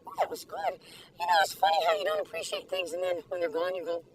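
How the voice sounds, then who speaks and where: A woman's voice: very high voice, huge pitch swings, quick pace, distant mic, slight background noise, rough recording. An older woman reviewing food in a casual video, gushing, giggly and full of exclamations, recorded in her car. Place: inside a parked car.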